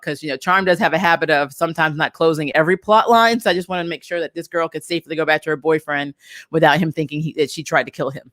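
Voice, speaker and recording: A woman casually reviewing a TV episode, animated and exasperated, laughing between her points. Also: sits low, fast talker, dry recording, studio quality. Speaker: TV review vlogger.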